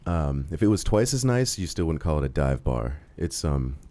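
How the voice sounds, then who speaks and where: A man's voice: rumbling low, big pitch swings, normal speed, warm tone. A young man in his twenties rambling through a story on a comedy talk show, with lots of fillers, acting out the quotes. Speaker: co-host telling a story.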